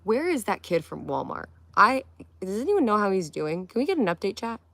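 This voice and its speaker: Very animated and fairly quick, her mid-range, slightly bright voice comes through with no echo. She's a tired young livestream host from Connecticut, USA, bantering playfully and answering comments individually.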